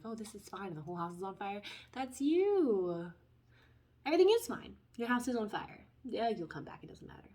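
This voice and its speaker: A chatty woman reads tarot cards and talks straight to her viewers. She wanders into side stories and apologizes for them. Her voice swings between loud bursts and soft, near-whispered asides. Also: mid-range voice. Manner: chatty, tangents, lively swings in loudness. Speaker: tarot reader. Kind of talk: casual spoken tarot reading.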